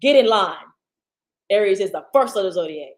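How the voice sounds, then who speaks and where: Brief: woman streamer, casual slangy storyteller, animated and loud at times, built-in computer mic. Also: medium pitch, moderate pace, rough recording. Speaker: livestream host. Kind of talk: casual storytelling to a live audience. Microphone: computer's internal mic.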